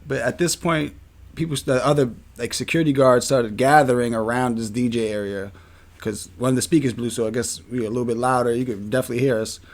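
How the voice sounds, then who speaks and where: A man, a podcast co-host telling a story in a casual, animated and profane way. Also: medium pitch, fast.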